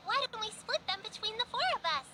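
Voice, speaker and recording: A woman voicing a gentle, caring young girl who speaks in an advising, motherly way in a video game. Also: very high-pitched, animated, fast talker, very noisy.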